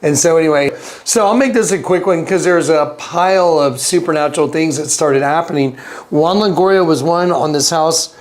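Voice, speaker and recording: A man being interviewed, telling a story in an animated way, acting out the voices and laughing as he goes. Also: moderate pace. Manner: acts out quotes with big pitch jumps and laughter. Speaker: interview guest.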